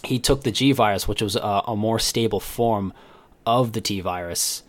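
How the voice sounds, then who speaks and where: Male podcast co-host, low-ish pitch, chatty and meandering. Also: moderate pace. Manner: rambling, loses his train of thought. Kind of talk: casual chat.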